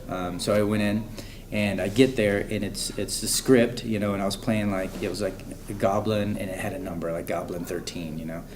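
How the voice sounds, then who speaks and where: A man, an actor, chatting casually in an interview, relaxed and full of fillers like "you know.". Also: fairly low pitch, fairly quick, a little hiss or hum. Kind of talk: casual chat. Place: convention room with crowd around.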